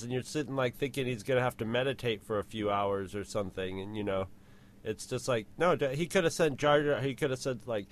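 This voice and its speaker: A man co-hosting a podcast in casual chat. He talks in a halting, rambling way, full of fillers and restarts, and his pitch sits in an ordinary middle range. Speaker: podcast co-host.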